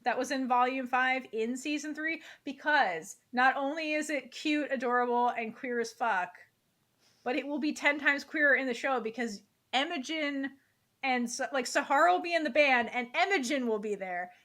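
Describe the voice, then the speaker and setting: A woman's voice: sits high, moderate pace, fairly bright tone. A woman co-hosting a casual book club chat, talking eagerly and rambling with many fillers. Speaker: podcast co-host.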